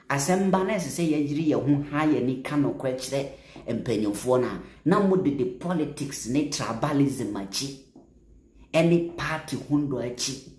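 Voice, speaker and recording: A man with a Ghanaian accent giving impassioned political commentary, emphatic, repeating phrases and bursting into louder stretches. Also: mid-range voice, roomy sound. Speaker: social media commentator.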